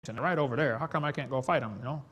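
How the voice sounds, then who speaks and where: A man's voice: medium pitch, very fast, a bit bright, in a large hall, voice pushed down, lightly acted. A man with a Southern US accent putting on a hotheaded young country-boy soldier in a sermon story. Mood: impatient.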